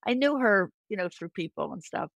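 An older woman chats as a podcast guest, spinning stories with lively swings in her voice and quick impressions of the people she quotes. Her voice sits mid-range for a woman. The sound is close and dry, with no room around it. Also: gravelly, dry recording. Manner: animated, acts out quoted voices with big pitch jumps. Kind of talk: casual storytelling chat.

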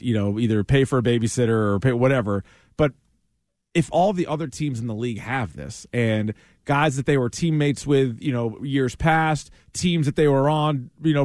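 A man co-hosting casual sports radio chat, animated and laughing often as he acts out players' reactions. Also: a little high, no echo, studio quality. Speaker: sports talk co-host.

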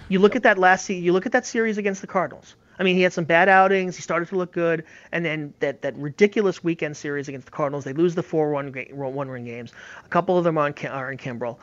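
Fast-talking emphatic baseball analyst, a man. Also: on the high side, fairly bright tone, no echo, lo-fi sound. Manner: emphatic, opinionated, repeats words. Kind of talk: casual sports talk.

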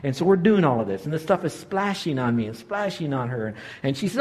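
Older male preacher, sermon storyteller, slightly high voice, lively acted-out quotes. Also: fast talker. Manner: animated storytelling, voices quotes with big pitch jumps. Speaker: pastor.

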